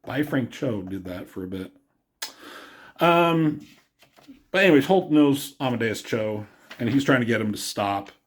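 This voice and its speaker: This casual comic book review comes from a man who rambles, fills his speech with fillers and laughs at his own jokes at times. His husky mid-range voice is animated, moving at a measured pace with long pauses.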